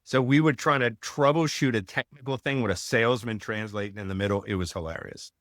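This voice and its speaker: A man hosting a podcast interview, chatting casually and telling stories in a relaxed way. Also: medium pitch, fairly quick, no echo, studio quality. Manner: laid-back storyteller who acts out quotes. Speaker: podcast host.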